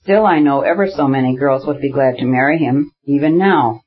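A man's voice: mid-range voice, a little fast, phone-quality sound, lightly acted. A man reading the part of an older aristocratic mother, matter-of-fact and firm, in an audiobook.

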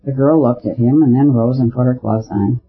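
Guy reading an old detective story, husky, higher voice, sounds like over the phone. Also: fairly even intonation, a little fast, phone-quality sound. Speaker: audiobook narrator. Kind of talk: scripted narration.

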